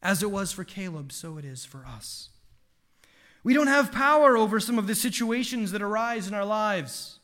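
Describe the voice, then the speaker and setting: A man, a father in his thirties, giving an earnest devotional talk, telling a family story with animated asides and quick restarts. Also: high-pitched. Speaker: preacher.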